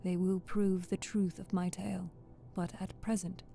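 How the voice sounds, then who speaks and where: Low-key gravelly woman reading softly. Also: normal speed, faint music behind. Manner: steady, careful reading that restarts phrases. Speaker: audiobook reader. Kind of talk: soft-spoken ASMR reading.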